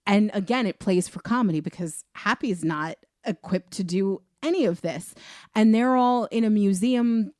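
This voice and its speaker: A woman co-hosting a film review podcast in a chatty, animated way. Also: medium pitch, normal speed, no echo, clean studio sound. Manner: chatty, animated, laughs easily. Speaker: podcast co-host. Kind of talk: casual film review chat.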